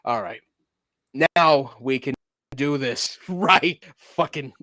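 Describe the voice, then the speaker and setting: A man's voice: mid-range voice, takes it slowly, sharp tone, no room sound. A man hosting a casual gaming livestream, swearing freely and laughing often as he reacts to game trailers and fights his computer. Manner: profane, laughs often, grumbles at tech trouble.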